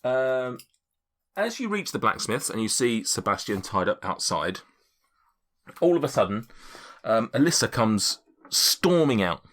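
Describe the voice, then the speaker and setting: A man's voice: medium pitch, very animated, a little slow, fairly bright tone. A man acting as game master, narrating a tabletop game with lots of fillers and restarts. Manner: rambling, with many fillers and restarts.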